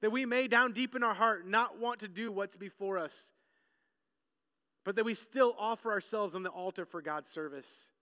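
Male pastor, very high and bright voice, animated sermon delivery, reverberant hall sound. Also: moderate pace. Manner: animated preaching, acts out voices of the crowd.

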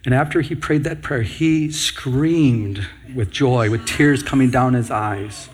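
A man's voice: mid-range voice, takes it slowly. A man preaching a sermon as a pastor, earnest and repetitive, asking the congregation rhetorical questions.

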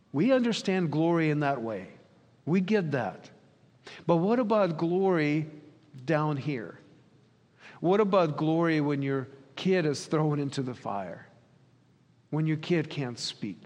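A man gives a sermon to a congregation, earnest and full of questions. His voice sits a little high. It rings out in a hall with a long, lingering reverb. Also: a little mellow. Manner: earnest, questioning, acts out quoted dialogue. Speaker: pastor.

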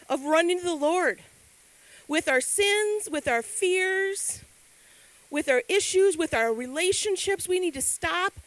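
A middle-aged woman preaches with a high, bright-edged voice that leaps and swoops as she acts out little scenes. The sound is close and dry, with no room around it. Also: dry recording, poor audio. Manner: animated storytelling with acted quotes. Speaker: speaker. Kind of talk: sermon.

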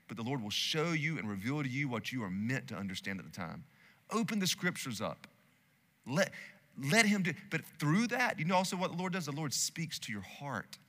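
A male pastor preaching a sermon in a church sanctuary, emphatic, swinging between loud declarations and hushed asides. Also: mid-range voice. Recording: long hall reverb.

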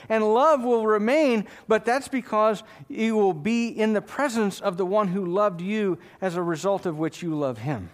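A man's voice: high-pitched, normal speed, few pauses. A man preaching a sermon as pastor, emphatic and calling out for amens from his congregation. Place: church.

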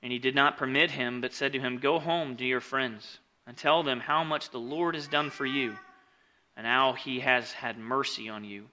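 With a mid-pitched, very bright voice, a male preacher reads and explains scripture in a casual sermon at a moderate pace and steady tone. His delivery is conversational, full of "like" and "right?", alternating loud emphatic reading with quiet asides.

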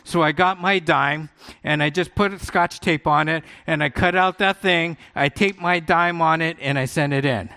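An older male pastor with a notably high voice, storytelling in an animated, playful way. He slips into quick character voices and pokes fun at himself before turning to scripture. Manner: animated, acts out comic-strip voices, self-mocking humor. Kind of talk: sermon with storytelling.

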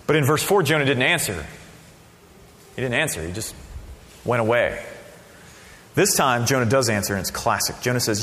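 A man preaching a sermon as a pastor, casual and conversational, with sudden loud bursts. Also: medium pitch, animated, normal speed, long pauses, slight background noise. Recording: long reverb of a hall.

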